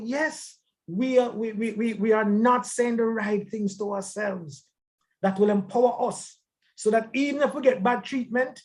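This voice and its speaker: A man's voice: sits high, darkish tone. A man teaching a church life-skills class in a conversational way, emphatic and often repeating words.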